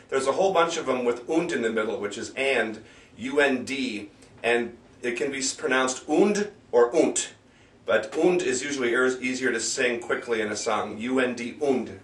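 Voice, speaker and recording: A man leading a sing-along lesson, slowly enunciating words of a German bar song and sometimes stopping to correct himself. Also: mid-range voice, animated, fairly bright tone, roomy sound, far from the mic. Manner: slow, careful enunciation of foreign words, stops to correct himself. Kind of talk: casual spoken lesson with sung examples.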